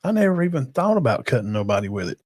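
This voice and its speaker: A man's voice: mid-range voice, big pitch swings, rapid-fire, darkish tone. Man, sports stream host, rambling, emphatic, casual chat. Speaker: podcast host.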